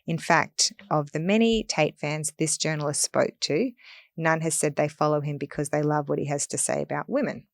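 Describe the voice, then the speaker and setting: A woman's voice: low-pitched, steady tone, normal speed, creaky, no room sound, clean studio sound. A woman co-hosting a podcast, reading research aloud from notes in a casual discussion and pressing her point earnestly. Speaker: podcast co-host.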